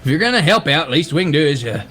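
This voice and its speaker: Man doing a gruff, tired farmer dad for a tabletop game, lively pitch. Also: fast, heavily acted. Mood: wary. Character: gruff farmer father in his fifties.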